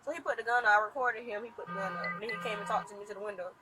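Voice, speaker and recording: A woman rapidly retelling events to a police officer, animated, acting out what others said. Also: medium pitch, music in the background, low-quality recording. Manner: rapid, animated storytelling with quoted dialogue. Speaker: complainant talking to police. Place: outdoors at an impound lot. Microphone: police bodycam.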